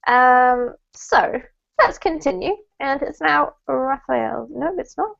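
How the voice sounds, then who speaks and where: A woman's voice: high-pitched, expressive, takes it slowly, creaky, a bit bright. A woman English teacher giving an online lesson over a video call, encouraging her students and correcting their pronunciation. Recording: muffled online call audio.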